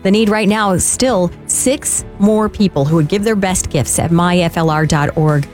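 A woman co-hosting a fundraising radio show, warm and enthusiastic as she reads donor stories. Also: fairly low pitch, normal speed, faint music behind. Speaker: radio co-host.

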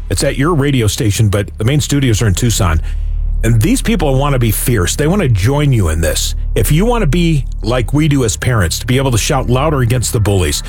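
A man hosting a Christian radio fundraiser, retelling Bible stories and acting out shouts and hushes. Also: mid-range voice. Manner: animated, acts out shouts and hushes in his stories. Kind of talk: on-air fundraising appeal with Bible storytelling.

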